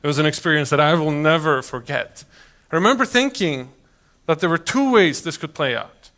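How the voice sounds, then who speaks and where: A man's voice: a little high, normal speed. A man from Iceland, giving a personal storytelling talk to an audience and acting out the voices of people he quotes. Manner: animated, acts out quoted voices. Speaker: public speaker.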